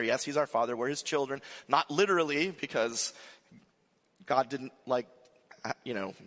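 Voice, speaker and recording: A male pastor gives a chatty, animated sermon, often stumbling into restarts and side remarks. His voice sits a little high for a man and rings out with a long hall reverb, as if filling a big sanctuary. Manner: animated, frequent restarts and asides. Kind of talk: conversational sermon.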